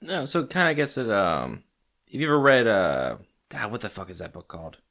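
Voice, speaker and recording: Deep, bright-toned joking male co-host. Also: very animated, normal speed, vocal fry. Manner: joking, swears, laughs often. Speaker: podcast co-host. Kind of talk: casual podcast chat.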